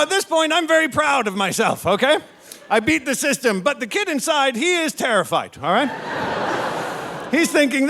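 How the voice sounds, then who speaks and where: A man telling a brash, punchy stand-up story, shouting out the quoted lines. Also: high voice, gravelly. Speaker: stand-up comedian.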